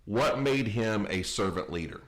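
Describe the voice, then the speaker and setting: A man hosting a podcast, asking an interview guest measured, prepared questions. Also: lowish voice, animated. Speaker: podcast host.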